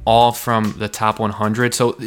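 Faint music plays behind a podcast co-host whose voice is fairly low and measured. Chatting casually, he tells a story with animation and acts out the voices of the people in it.

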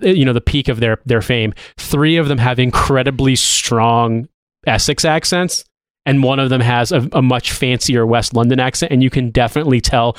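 A man's voice: mid-range voice, no room sound. A man in his thirties, co-hosting a casual podcast chat, rambling with many restarts and casual swearing. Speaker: podcast co-host.

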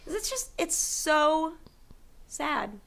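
A young adult woman co-hosts a podcast, her voice high and slow. In casual chat she gushes over a movie she loved as a child, animated and bursting into snippets of song.

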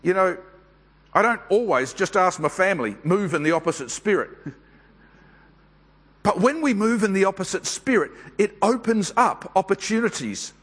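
High-voiced male preacher, echoing hall. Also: animated, a bit bright, husky. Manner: measured, unhurried delivery with frequent pauses and fillers. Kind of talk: sermon. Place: church service.

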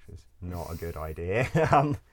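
A man with a notably deep, low voice tells a story casually, as if chatting with a friend. He rambles, drops in plenty of fillers and swears freely. He laughs along at his own misadventures. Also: very animated, moderate pace.

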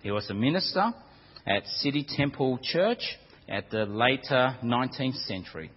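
A man preaching a sermon, praying and then telling a story in an animated way. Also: mid-range voice, moderate pace, slightly rough. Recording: dull lo-fi church recording with long reverb.

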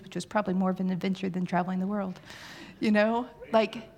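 A woman in her forties preaching a sermon with a candid, self-deprecating manner. She tells personal stories with lively animation. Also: medium pitch.

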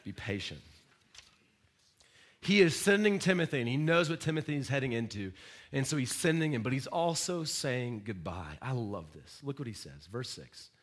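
Animated man preaching a sermon. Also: mid-range voice, moderate pace. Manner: animated, emphatic preaching with sudden loud rises and soft drops; direct questions to the congregation. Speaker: pastor.

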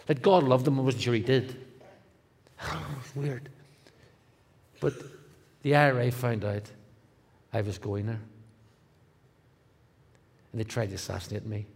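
A middle-aged man with a Northern Irish accent, a guest speaker telling his testimony in a comic, animated way, dropping to a hush and rising loud. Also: medium pitch, husky. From Northern Ireland. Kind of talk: testimony storytelling.

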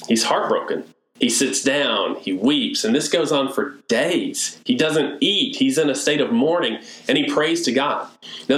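A man preaching a sermon in a storytelling way, moving between hushed and lively delivery. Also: medium pitch. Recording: echoey room.

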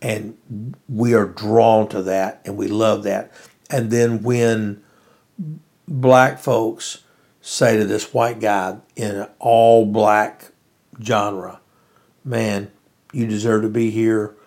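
Gravelly low-voiced man musing aloud. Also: fairly even intonation, extremely slow, darkish tone. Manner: rambling, earnest, frequent fillers and restarts. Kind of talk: casual spoken commentary.

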